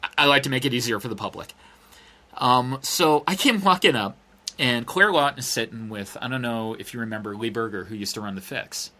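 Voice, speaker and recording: A middle-aged man telling a story in a casual, sarcastic and profane way, acting out quotes with big jumps in his voice. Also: a little fast. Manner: animated, acts out quotes with big pitch jumps.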